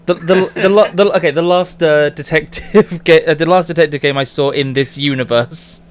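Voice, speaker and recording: A man streaming a game in casual commentary, excitable, swearing and stammering as he wanders off on tangents. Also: on the high side, moderate pace.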